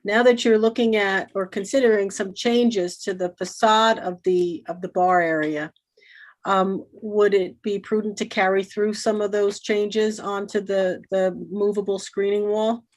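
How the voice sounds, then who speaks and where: A woman with a mid-range voice puts a question to the applicant at a planning board meeting. She speaks in a measured, polite way. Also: mid-range voice, fairly even intonation.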